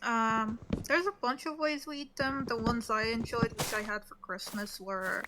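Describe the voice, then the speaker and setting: Woman streaming, swears a lot, teases, slightly high voice, noisy background. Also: fairly even intonation, normal speed. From Poland. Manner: blunt, sweary, teasing. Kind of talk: casual chat while gaming.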